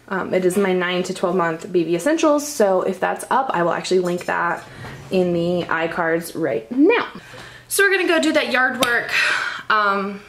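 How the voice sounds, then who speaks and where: A woman's voice: lowish voice, a bit bright, slight background noise. Chatty young woman vlogging at home. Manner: rambling, with frequent ums and laughs. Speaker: vlogger and mother. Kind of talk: casual chatty vlog. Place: home dining room, indoors.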